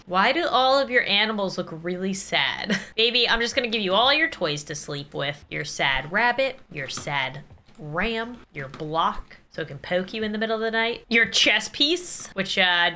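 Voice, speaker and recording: Brief: young woman, excitable let's play host, bright and lively, giggles often. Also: medium pitch, slight background noise. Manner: excitable, giggly, talks to the game baby. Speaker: gaming YouTuber.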